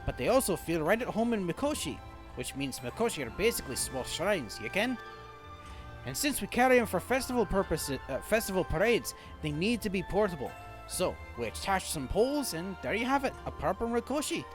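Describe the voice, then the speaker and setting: A gruff, rowdy male shipwright with a thick Scottish accent, as a man puts him on. He blusters loudly, with a lively, high voice. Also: a little fast, music in the background. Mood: explaining. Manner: loud, blustering.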